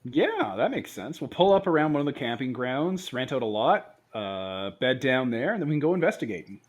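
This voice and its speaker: A man's voice: medium pitch, sing-song, fairly quick. A man playing a tabletop game who chats casually and helps organize the group. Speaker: player.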